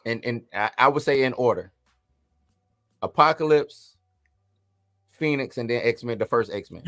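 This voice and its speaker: A man's voice: mid-range voice, measured pace, fairly bright tone, no room sound, studio quality. A man co-hosting a casual chat, laid-back, laughing often and answering in short quips. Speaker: co-host.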